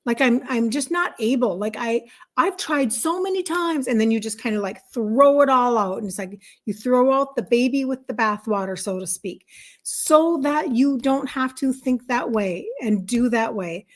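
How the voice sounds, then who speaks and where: A woman's voice: a little high, expressive, normal speed. A middle-aged woman hosting a casual livestream as a health coach, upbeat and fired up, greeting viewers and reading their comments aloud.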